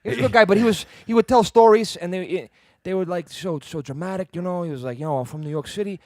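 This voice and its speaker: High, fast, rambling storyteller man. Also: dry recording. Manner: rambling, excited, swears a lot. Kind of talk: casual storytelling.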